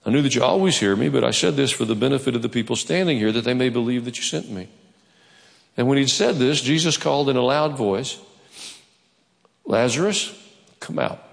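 A man's voice: mid-range voice, quick pace, creaky, in a large hall. A man preaching a sermon as a pastor, telling the story with playful asides. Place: church.

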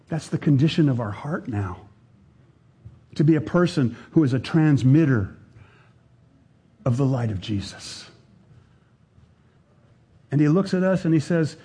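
A man preaching a sermon in an earnest, unhurried way, pausing often and dropping to a quiet voice for emphasis. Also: mid-range voice, expressive, husky.

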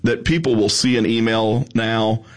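A man's voice: lowish voice, steady tone, normal speed. A man hosting a casual conversation, asking thoughtful questions. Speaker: podcast host. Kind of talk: casual chat.

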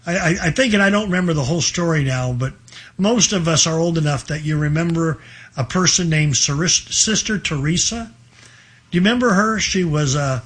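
A man's voice: fairly high pitch, a bit bright, breathy edge. A man in his sixties hosting a call-in radio ministry, rambling through folksy stories with many restarts. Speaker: radio ministry host taking calls. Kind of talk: call-in radio sermon talk.

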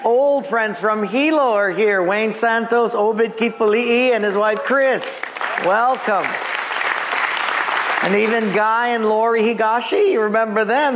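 A man's voice: high-pitched, slight background noise. A man in his seventies, a pastor, preaching a sermon and telling jokes to his congregation. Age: 70s. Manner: animated storyteller, joking. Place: church sanctuary with congregation.

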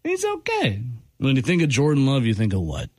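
Animated, playful male radio host. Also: medium pitch, fast, no room sound. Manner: animated, playful, shifts tone for effect. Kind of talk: casual call-in radio banter.

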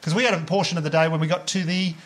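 A man in his thirties with an Australian accent, doing stand-up storytelling, lively and swearing, laughing through punchlines and acting out what people said. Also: on the high side, very fast, slight background noise. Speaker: stand-up comedian.

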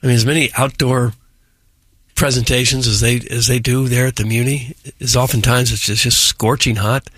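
A man's voice: medium pitch, steady tone, moderate pace, a bit bright, dry recording. A man co-hosting a talk radio show, musing in rambling casual asides. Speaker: radio co-host.

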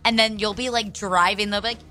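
A woman co-hosting a radio morning show, chatting in an energetic, giggly way. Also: mid-range voice, a little fast, faint music behind. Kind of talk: casual on-air banter.

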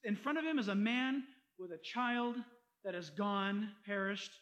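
A man's voice: high voice, lively intonation, unhurried, fairly bright tone, lo-fi sound. A man preaching a sermon as pastor, reading scripture and driving points home with rhetorical questions.

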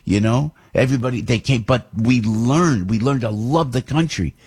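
A middle-aged man, hosting an opinion talk radio show in an emphatic, ranting monologue that climbs into shouts. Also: medium pitch, normal speed, slightly rough.

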